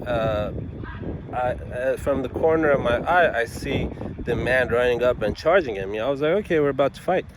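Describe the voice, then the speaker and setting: A man in the middle of an animated, rambling story, often restarting his sentences and adding asides as he goes. His pitch sits at an ordinary middle level. Faint traffic noise carries in from the street behind him. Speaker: attorney and vlogger telling a story. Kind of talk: casual storytelling to camera.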